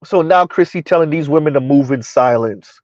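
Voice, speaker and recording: A man with a fairly high, darkish voice hosts a casual commentary stream at normal speed, in a dry recording with the highs cut off. He argues through rhetorical questions, keeps repeating "who would have ever thought" and "right? huh?", answers viewer chat, and refers to himself in the third person.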